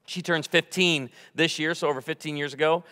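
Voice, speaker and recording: A man's voice: a little high, steady tone, fairly quick, sharp tone, big-room sound. A man in his forties giving a humorous sermon in a church, bantering playfully with the congregation. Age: 40s. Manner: joking, playful crowd banter. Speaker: guest preacher. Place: church sanctuary before a congregation.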